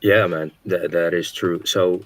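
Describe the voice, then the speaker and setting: A very deep-voiced young man of eighteen from the Netherlands speaks on a voice chat. He keeps his replies short and laid-back, with friendly slang. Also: fairly even intonation, measured pace, no echo. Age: young adult. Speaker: participant in a voice chat. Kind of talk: casual voice chat.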